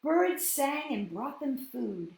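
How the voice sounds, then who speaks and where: A woman hosting a children's story reading, gentle and sing-song, often asking her listeners questions. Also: high-pitched, sing-song, slow, gravelly. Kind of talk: children's storybook read-aloud. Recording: roomy echoey room.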